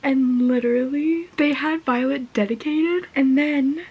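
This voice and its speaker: Excitable young woman gushing over a book. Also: sits high, unhurried, hardly any pauses, rough recording. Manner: excited and gushing, drops to whispers. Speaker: book vlogger. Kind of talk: casual reading vlog chat.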